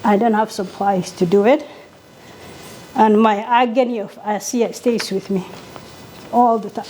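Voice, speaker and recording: A woman's voice: medium pitch, fairly even intonation, a little slow, warm tone, a little hiss or hum. A middle-aged woman physician from Somalia, giving an impassioned conference talk and repeating key points for weight.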